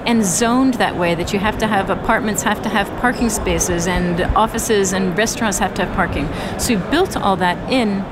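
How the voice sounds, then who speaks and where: An earnest woman in a conversational interview, recorded outdoors on a city street. Loud traffic and vehicles rumble steadily behind her mid-range voice. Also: normal speed, few pauses. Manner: earnest, storytelling, restarts phrases. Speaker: interview guest, urban mobility advocate.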